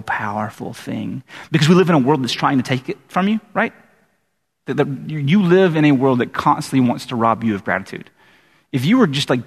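Husky-voiced preacher in a reverberant church. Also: male voice, mid-range voice. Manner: conversational, lively storytelling with many fillers. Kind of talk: sermon. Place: church sanctuary. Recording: long reverb of a church hall.

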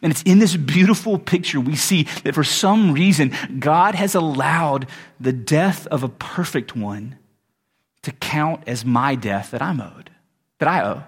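A man preaching a sermon in a conversational way, correcting himself mid-sentence and rising into animated asides. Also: fairly high pitch, a little slow, breathy edge. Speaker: pastor.

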